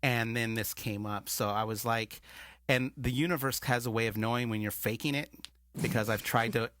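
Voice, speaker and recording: Man, guest director, casual storytelling, quoted dialogue acted out, average pitch, dead dry room. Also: moderate pace, no echo. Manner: animated, acts out quoted dialogue. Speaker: guest filmmaker.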